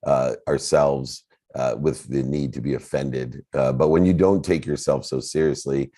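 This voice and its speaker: A man with an extremely deep, mellow voice hosts a motivational talk over a remote call. He sounds encouraging and reflective as he sums up a lesson. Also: fairly even intonation, moderate pace. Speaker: host.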